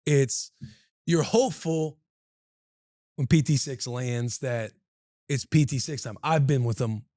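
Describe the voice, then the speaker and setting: A man in his thirties tells a long story on a podcast with animated, slangy energy. His voice sits mid-range and sounds close and dry, with no room around it. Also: mid-range voice, takes it slowly, no echo. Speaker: podcast co-host. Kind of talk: casual chat.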